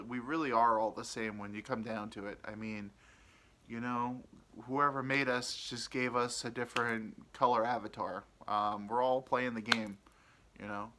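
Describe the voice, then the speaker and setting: A man's voice: medium pitch, bright, forceful tone. A man hosting a podcast, telling a rambling personal story, hesitant, with many ums and restarts. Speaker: podcast host.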